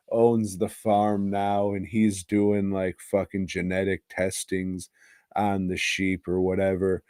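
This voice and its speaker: A man's voice: deep voice, darkish tone, dry recording, studio quality. A man co-hosting a movie podcast, recapping a film in crude, jokey casual chat and breaking into silly voices. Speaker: podcast co-host.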